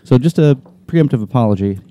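Fast-talking podcast co-host, man. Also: mid-range voice, lively intonation, mellow, no room sound. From Utah. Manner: quick, laughing, self-correcting. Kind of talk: casual chat.

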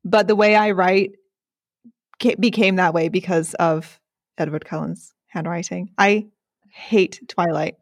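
A woman's voice: fairly low pitch, steady tone, unhurried, dry recording. A young woman hosting a podcast, chatty and self-deprecating, laughing often. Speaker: podcast host. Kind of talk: casual chat.

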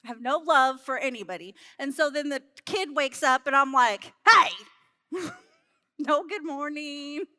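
A woman's voice: high-pitched, normal speed, hardly any pauses, sharp tone, dry recording. A woman giving a sermon in church, telling a candid, self-mocking story from her own day and laughing now and then between lines. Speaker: church speaker. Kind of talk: sermon with personal anecdote.

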